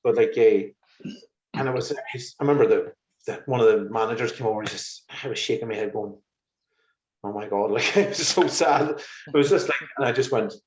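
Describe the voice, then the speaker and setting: Speaking fairly quickly with a mid-range male voice, this interview guest, a musician, shares exasperated anecdotes and laughs through the casual conversation. There's a roomy, slightly muffled quality to the audio.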